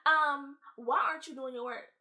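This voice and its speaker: A woman's voice: high-pitched, fairly even intonation, normal speed, pitched above the performer's own voice. Woman putting on a snappy, bossy schoolteacher. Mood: scolding. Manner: sharp, scolding, bossy commands. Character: strict, irritable female schoolteacher snapping orders.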